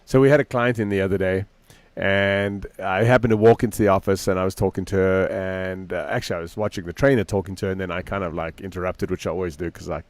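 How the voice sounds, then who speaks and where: A man's voice: low-pitched, quick pace, no echo. A middle-aged man, a dog trainer co-hosting a casual podcast, telling stories animatedly and acting out the people in them. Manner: animated storyteller, acts out quoted people.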